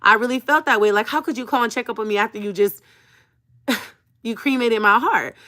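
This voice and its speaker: A woman vlogging live to her viewers in an emotional storytime chat, her voice bright and forward. She talks in a dramatic, animated way, drops an emphatic "okay?" after her points, and addresses her audience as sis and y'all. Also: on the high side, a little fast. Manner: speaks straight to viewers, calling them sis and y'all.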